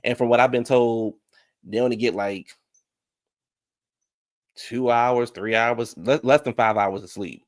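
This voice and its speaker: A man giving a sassy, animated casual review of a reality show, talking straight to his viewers. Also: medium pitch, a little slow, pauses often.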